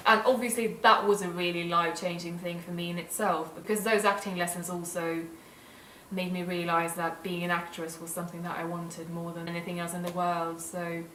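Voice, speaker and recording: A woman's voice: on the low side, a bit bright, roomy sound, recorded from a distance, slight background noise, low-quality recording. A young woman from Sweden vlogging in a casual, gushing and earnest way. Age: young adult. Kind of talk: casual vlog talk.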